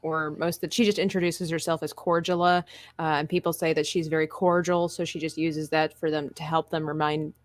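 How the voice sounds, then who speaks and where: A woman co-hosting a podcast in casual chat, talkative and quick to laugh. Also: low voice, level tone, no echo. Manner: chatty, laughs easily. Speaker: podcast co-host.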